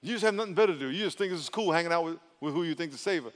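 A man's voice: a little high, rapid-fire, big-room sound, close to an everyday voice. A man voicing an emphatic, inviting teacher. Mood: coaxing. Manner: animated, emphatic. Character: patient, inviting man, a teacher calling a follower.

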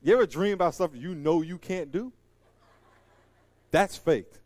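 Preacher guy, kinda high voice, jokey and animated, goes loud then quiet, dry close sound. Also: measured pace, dry recording. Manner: animated and joking, big swings between loud and quiet. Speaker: pastor. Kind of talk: sermon.

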